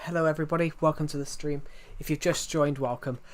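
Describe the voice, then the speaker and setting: A man live-streams a game, rambling chattily to his viewers and talking to himself. His voice is on the high side and steady, and he speaks fast.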